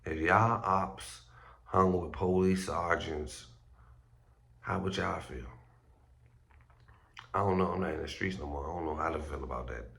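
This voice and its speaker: Very deep, gravelly male vlogger. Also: a little slow, pauses often, a bit bright. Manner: loose, slangy and profane, with stumbles and restarts. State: groggy, just woke up. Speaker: street news blogger host. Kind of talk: casual vlog commentary.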